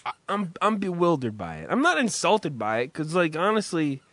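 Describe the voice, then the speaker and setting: A man's voice: fairly high pitch, wildly swooping pitch, normal speed, a bit bright, dry recording. A man telling a rambling, profane story in casual chat with a co-host, full of restarts. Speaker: podcast co-host.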